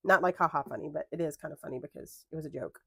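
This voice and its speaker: A woman's voice: low voice, very fast, gravelly, pushed and bright, slightly rough, dry recording, studio quality. A young adult woman chatting casually at a home craft desk, rambling into tangents and correcting herself as she goes. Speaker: planner vlogger. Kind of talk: casual chat while crafting.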